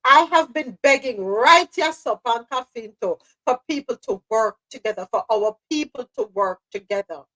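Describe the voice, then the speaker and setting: A woman's voice: a little high, expressive, normal speed, few pauses, pushed and bright, low-quality recording. A woman hosting a live news podcast, speaking passionately and repeating phrases for emphasis. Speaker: host.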